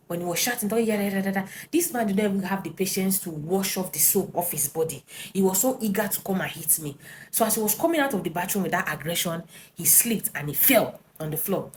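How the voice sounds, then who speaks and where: Animated woman telling a story. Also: lowish voice, a little hiss or hum. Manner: animated, tag questions and fillers. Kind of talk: personal story to camera.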